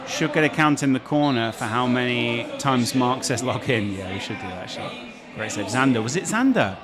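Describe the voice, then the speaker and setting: With music and loud crowd noise in the background, a male host runs a live watch-along of a match. He's brisk and expressive at a medium pitch, bantering and reacting with exclamations at the biggest plays.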